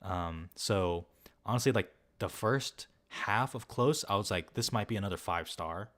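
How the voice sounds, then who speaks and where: Rambling, loose-talking young man, lowish voice. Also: measured pace, fairly bright tone. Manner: rambling and loose, heavy use of filler words, swears freely. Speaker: film vlogger. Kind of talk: casual talk reviewing films and answering viewers.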